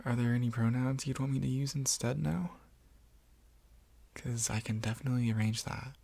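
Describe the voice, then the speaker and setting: A man talking softly in a whispered role-play, gentle and reassuring. His low voice is gravelly and husky, and he takes his time with every phrase. The sound is close and dry. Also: fairly even intonation, moderate pace, no echo. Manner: gentle, reassuring, soft-spoken. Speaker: ASMR roleplayer.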